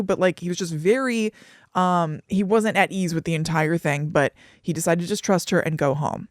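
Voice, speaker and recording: A woman's voice: on the low side, normal speed, no room sound, studio quality. A woman co-hosting a podcast, retelling a TV episode in casual chat and acting out quoted voices as she goes. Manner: chatty, laughing, acts out quoted voices. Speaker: podcast co-host.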